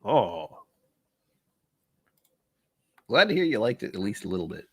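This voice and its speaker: A man's voice: on the low side, very animated, a little slow, a bit bright, breathy edge. A man hosting a casual tasting livestream, talking in a rambling, offhand way and thinking aloud. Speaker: livestream host.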